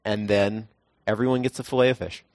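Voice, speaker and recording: A young man preaching a casual, conversational sermon, telling everyday stories and now and then acting out quotes in a sudden high voice. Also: steady tone, a little fast, no echo.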